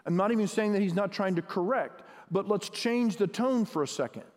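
A man with a high voice preaches a sermon, talking to the congregation as if in conversation and pressing harder as he goes. His voice rings out with the long reverb of a big church hall. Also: brisk. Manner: conversational, asks the audience questions, builds in intensity. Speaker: pastor.

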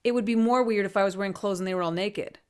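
A woman comedian hosting her podcast in casual, joking chat, quick and teasing as she quizzes her guests. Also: mid-range voice, clear, resonant tone. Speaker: podcast host and stand-up comedian.

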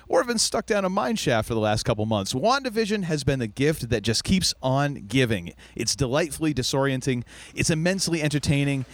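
Playful man hosting a podcast, lively pitch. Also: no echo. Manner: playful, jokey, theatrical intros. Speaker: podcast host. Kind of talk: casual podcast banter. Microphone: video call.

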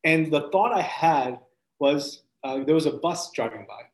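A man's voice: on the high side, lively intonation, unhurried. Earnest man telling his faith story. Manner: earnest, reflective, with frequent restarts and soft laughs. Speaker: podcast guest. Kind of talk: personal faith testimony told as a story. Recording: roomy echo.

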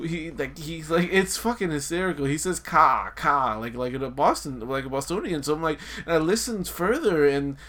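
A man's voice: a little high, expressive, brisk, few pauses. A man co-hosting a podcast, rambling in casual banter, cursing often and restarting his sentences. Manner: rambling, profane, laughs a lot, many restarts. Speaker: podcast co-host.

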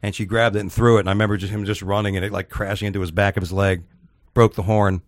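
A man's voice: fairly low pitch, flat delivery, fast, no echo, clean studio sound. A man hosting a radio talk show, telling stories in a rambling, casual way with many restarts and fillers. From Florida.

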